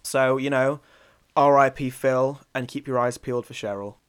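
A man from North East England co-hosts a comedy podcast, cracking crude jokes and giggling through them. His voice sits at an ordinary middle pitch. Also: steady tone, normal speed, smooth. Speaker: podcast co-host. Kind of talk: casual comedic chat.

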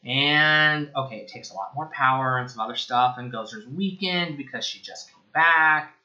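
A man's voice: medium pitch, moderate pace, pushed and bright, highs cut off. A man giving a casual spoken film review, sarcastic and profane, rambling as he goes.

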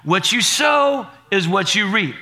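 A man pastor preaching a sermon, building to shouted, repetitive declarations. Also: sits high, expressive, unhurried.

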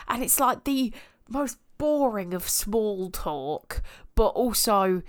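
A young woman co-hosting a podcast in casual chat, lively and acting out scenes as she talks. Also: medium pitch, slow pace. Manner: animated, acts out scenes in quoted voices. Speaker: podcast co-host.

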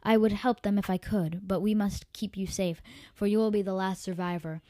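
A woman voicing a fierce female desert tribe soldier who speaks slowly and formally. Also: mid-range voice, fairly even intonation, mellow, no echo, lightly acted. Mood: grave. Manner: slow, solemn, formal speech.

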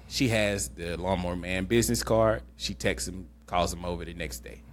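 A man hosting a podcast, recapping a movie in animated, laughing, profane storytelling. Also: low-pitched, moderate pace, a little hiss or hum. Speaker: podcast host. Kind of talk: casual chat, movie recap.

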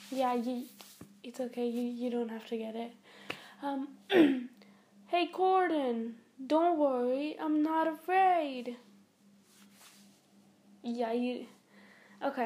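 A teenage girl talking on her own podcast in a groggy, worn-out voice. She speaks a little high but fairly flat, with a mellow, soft tone. She rambles on with fillers and restarts. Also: a little hiss or hum. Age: teens. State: groggy, weak-sounding voice. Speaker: podcast host. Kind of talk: casual solo podcast chat.

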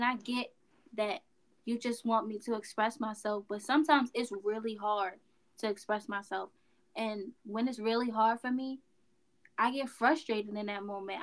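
A young adult woman in a casual podcast chat with a fairly high voice for a woman. She speaks slowly and with frustration, circling back to the same phrases. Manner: frustrated, slow, repeating her phrases. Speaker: guest, daughter.

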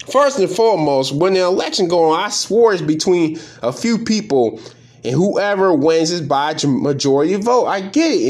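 A man hosting a podcast, giving profane, exasperated casual commentary on news stories and talking straight to his listeners. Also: high-pitched. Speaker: podcast host.

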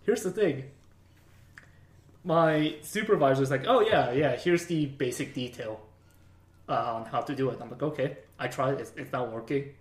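A man's voice: medium pitch, moderate pace, recorded from a distance. A man who works IT help desk tells work stories casually, swearing and laughing. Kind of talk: casual chat. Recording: echoey room, off-mic.

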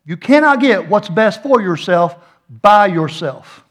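High-voiced joking pastor. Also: male voice, lively intonation, measured pace, a bit bright. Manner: folksy, joking storyteller with playful asides. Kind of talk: sermon.

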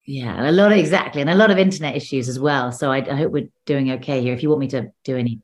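With a rumbling low voice and quick pace, a woman actor chats casually as an interview guest over video call. She frequently restarts her sentences and laughs in between stories.

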